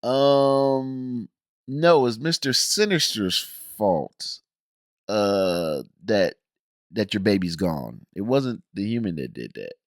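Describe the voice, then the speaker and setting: A man reviewing a show in an animated, exasperated rant, blunt and full of slang. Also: lowish voice, slow, no room sound, clean studio sound. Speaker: video reviewer.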